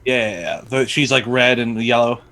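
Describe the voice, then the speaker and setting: A man co-hosting a casual live-streamed chat, excitable and rambling, swearing freely. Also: medium pitch, normal speed. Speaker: podcast co-host.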